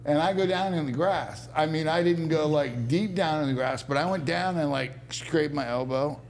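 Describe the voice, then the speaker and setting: A man's voice: on the high side, moderate pace, a little mellow, a little hiss or hum. Rambling, chuckling man telling stories. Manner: rambling, laughing anecdotes with many fillers. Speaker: podcast guest. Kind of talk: casual storytelling.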